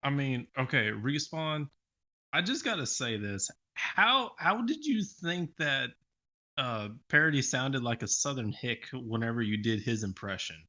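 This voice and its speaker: A man from the US South, a guest on a casual podcast, animated and asking questions. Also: mid-range voice, unhurried, dull audio.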